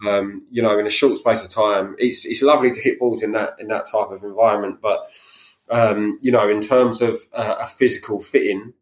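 A man's voice: lowish voice, steady tone, moderate pace, echoey room. A man chatting casually as a podcast co-host, telling stories with many fillers and restarts. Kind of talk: casual chat.

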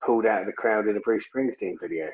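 A man's voice: fairly low pitch, fast talker, darkish tone, husky, muffled recording. A man co-hosting a music podcast, joking and rambling in casual chat. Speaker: podcast co-host.

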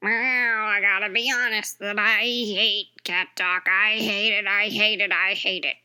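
A woman's voice: mid-range voice, measured pace, clear, resonant tone. A woman voicing a grumpy cat who calls in to complain that she hates other cats. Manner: grumbling, complaining, deadpan.

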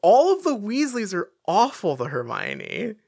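Podcast co-host, casual book chat, wry and animated, dry close sound. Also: mid-range voice, a little slow, vocal fry, no echo. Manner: animated, wry, frequent restarts.

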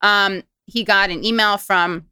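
A woman hosting a talk show, chatting casually and reading an email aloud in an animated, sardonic way. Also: medium pitch, measured pace, clean tone, no echo. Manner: animated, sardonic, asks questions. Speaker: podcast host.

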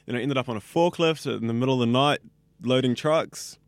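A young New Zealand man in his early twenties talks in a loose, rambling way, piling up fillers as he answers interview questions. His voice sits at an ordinary pitch, and the recording is dry and close. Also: fairly quick, no room sound. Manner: chatty, rambling, says like a lot. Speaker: radio student. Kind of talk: casual interview.

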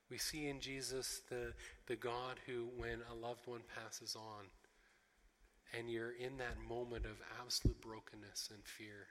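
A male pastor preaching with an earnest, emphatic delivery, piling up repeated phrases and fillers. His voice is bright and forward, and it rings with a long reverb from a church hall. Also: mid-range voice. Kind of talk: sermon.

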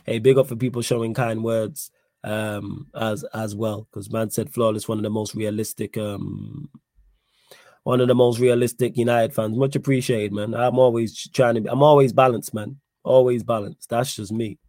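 A young man hosting a casual live-stream podcast, talking in an animated, slangy way and repeating his points for emphasis. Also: on the low side, moderate pace, dry recording. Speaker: podcast host reading live chat.

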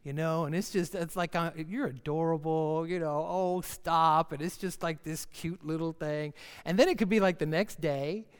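A man's voice: a little high, normal speed, few pauses, clean tone. A middle-aged male pastor preaching a sermon in a folksy, joking way, acting out little scenes. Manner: folksy, joking, with acted asides. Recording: reverberant hall.

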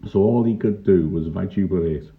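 Older male storyteller, wry and dry, deep voice on a tinny phone-like recording. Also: moderate pace. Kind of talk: reminiscing first-person story narration. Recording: tinny lo-fi narrow-band recording.

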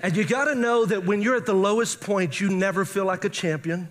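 A man's voice: high voice, brisk. A man preaching a testimony to a live audience, emotional and acting out the dialogue as he tells it. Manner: emotional, acts out quoted dialogue. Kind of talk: sermon testimony storytelling.

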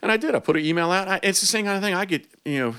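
This hunting and fishing guide, a man with a high-pitched, smooth voice, talks very fast as a guest on a podcast. He's an animated storyteller, casually acting out the back-and-forth exchanges people had with him.

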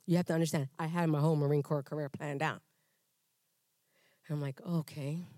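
A church member shares her testimony with the congregation, speaking rapid-fire in a low voice. She's animated and conversational, playing out dialogues with humor and often restarting sentences. The recording is dry and close, with little room sound.

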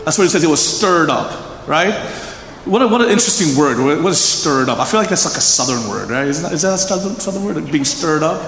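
A man preaching in a large church hall, his high voice swooping lively up and down as he chats and quizzes the crowd. Long reverb rings off the walls over a faint room hum. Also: brisk, vocal fry. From Philadelphia, USA. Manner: animated, chatty, asks the audience questions. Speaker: pastor. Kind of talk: conversational sermon.

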